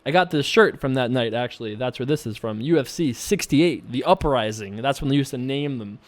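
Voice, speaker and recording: A man's voice: medium pitch, lively intonation, brisk. A man casually chatting and joking while he plays online poker, laughing often. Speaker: poker vlogger.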